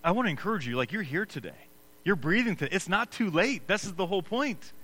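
Guy preaching a sermon, high bright voice, earnest, stumbles and restarts a lot. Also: expressive, quick pace, poor audio. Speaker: pastor.

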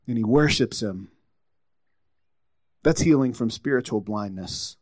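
A man's voice: medium pitch, unhurried, a little mellow, dry recording. A man preaching a sermon, retelling scripture stories and acting out the quotes with rising intensity.

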